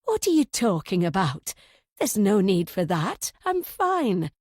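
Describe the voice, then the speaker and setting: An older aunt with a soft, cooing, motherly way of talking, as a woman reads her. The voice is mellow and warm, recorded close and dry. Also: medium pitch, sing-song, measured pace, husky, no echo. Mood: defensive.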